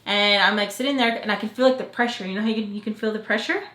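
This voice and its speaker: A young woman vlogger telling a story to the camera in a chatty, animated way, full of fillers. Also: mid-range voice, racing. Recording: echoey room.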